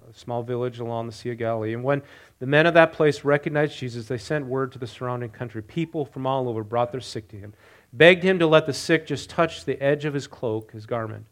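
Man, pastor, sermon, lively delivery, mid pitch, questions to the congregation. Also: a little fast. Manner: animated, rising loud on quoted lines, asks congregation questions. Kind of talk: sermon with scripture reading.

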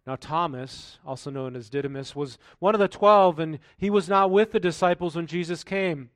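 In this sermon, a male pastor reads scripture aloud and follows up with casual, conversational reflections and rhetorical questions. His voice is on the high side at a normal speed, captured in a dry recording.

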